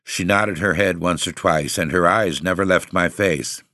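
A man reading a first-person story as narrator, in a measured, composed way. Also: low-pitched, sharp tone, dry recording, studio quality.

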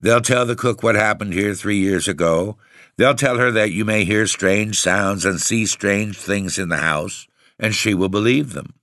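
A man's voice: lowish voice, no room sound, studio quality. A man voicing a grave old caretaker woman. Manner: quiet, solemn, unhurried. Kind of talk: audiobook reading.

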